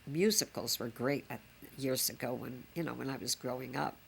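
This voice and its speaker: A woman's voice: a bass voice, normal speed, gravelly, slight background noise. An older woman, a grandmother reminiscing fondly in a chatty, rambling way. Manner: chatty, fond, rambling with fillers. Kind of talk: reminiscing home recording.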